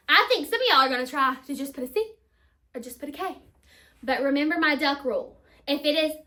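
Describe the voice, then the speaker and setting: A woman teacher, slowly sounding out spelling words for children. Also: high voice, sharp tone. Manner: slow, deliberate sounding-out of words.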